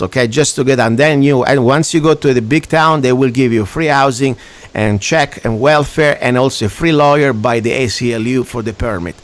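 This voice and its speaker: A man's voice: medium pitch, no room sound. A man with an Italian accent hosting a radio talk show, ranting emphatically in broken English. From Italy.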